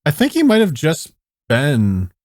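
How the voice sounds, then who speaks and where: A man's voice: on the high side, huge pitch swings, a little slow, no echo, studio quality, faint music behind. A man joking and laughing in a casual podcast chat. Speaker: podcast guest.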